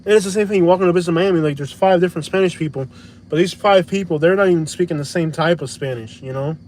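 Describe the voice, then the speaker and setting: A man's voice: on the high side, racing, darkish tone, a little hiss or hum. A man chatting casually while on a night drive, rambling and joking with lots of fillers. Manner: rambling, many "you know" fillers, joking. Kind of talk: casual chat. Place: inside a car at night.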